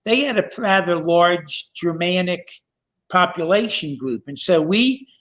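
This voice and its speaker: A male podcast host in casual chat, rambling and halting with many fillers. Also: high-pitched, animated, fairly bright tone. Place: Pennsylvania.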